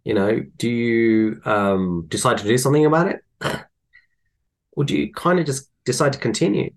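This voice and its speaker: A man, chatting casually and telling animated anecdotes. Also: medium pitch, moderate pace, vocal fry. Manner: animated storyteller, acts out voices in anecdotes. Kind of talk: casual conversation.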